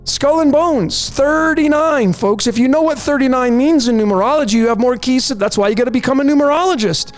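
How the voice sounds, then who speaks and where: Very high-pitched male host, insistent slide-by-slide commentary, faint music bed underneath. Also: fairly quick, few pauses. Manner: insistent, repeats "folks" and "there it is". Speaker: numerology channel host. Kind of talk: conspiracy commentary over slides.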